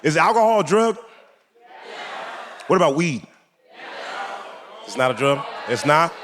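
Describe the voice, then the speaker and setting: Young guy doing stand-up on a live stage, bit high voice, jumps around a lot in pitch, faint noise behind. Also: unhurried, some chatter behind. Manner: animated storytelling, acts out voices of people in his stories. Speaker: stand-up comedian. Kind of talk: stand-up comedy set. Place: live comedy venue with audience.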